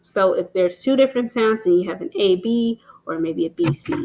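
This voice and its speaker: A woman's voice: medium pitch, normal speed, noisy background. Woman patiently explaining poetry terms. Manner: plain, patient explaining with frequent "um" and "so". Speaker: teacher. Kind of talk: explaining poetry terms and reading examples aloud.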